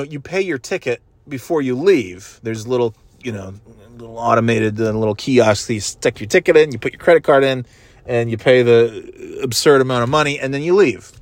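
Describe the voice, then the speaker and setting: A man's voice: medium pitch, expressive, moderate pace, dry recording. A man in his forties telling a comic story in a rambling, self-mocking way and swearing casually.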